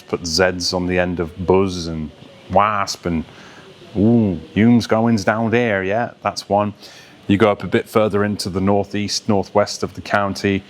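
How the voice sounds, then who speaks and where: English guy voice coach, fairly low voice, clear careful explaining, faint hiss behind. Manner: articulate, steady, explaining with examples. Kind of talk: explanatory video lesson.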